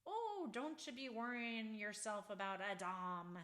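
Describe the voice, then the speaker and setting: A woman's voice: on the high side, measured pace, fairly bright tone. A woman voicing a friendly, old-fashioned shepherd man with a cheerful, lilting brogue. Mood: reassuring.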